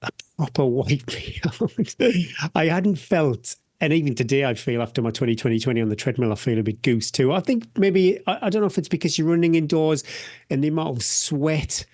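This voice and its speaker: A man's voice: on the high side, animated, brisk, a little mellow, no room sound, studio quality. A man hosting a podcast in casual chat, plain-spoken and reflective, often repeating words as he searches for them. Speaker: podcast host.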